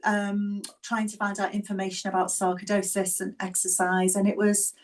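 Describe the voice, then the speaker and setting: A woman's voice: mid-range voice, level tone, distant mic, rough recording. A woman in her fifties from Liverpool with a Scouse accent, giving a chatty, self-deprecating personal talk as a physiotherapist. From England, Liverpool. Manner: chatty, self-deprecating, quick-talking when keen. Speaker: guest speaker, physiotherapist. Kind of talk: personal talk to a webinar audience.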